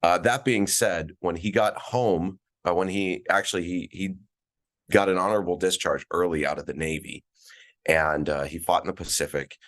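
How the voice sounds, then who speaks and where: A man in his forties with a very deep, low-pitched voice, chatting as a podcast guest. He tells stories in a loose, relaxed way, full of fillers and restarts. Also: normal speed. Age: 40s. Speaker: guest, events director. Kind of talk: casual interview chat. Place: at a conference, remote call.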